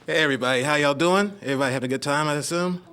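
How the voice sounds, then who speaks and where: A stand-up comedian performs his first set on a club stage, nervous and rambling with fillers, speaking into a handheld mic. His voice is on the high side and very fast, with a noisy background.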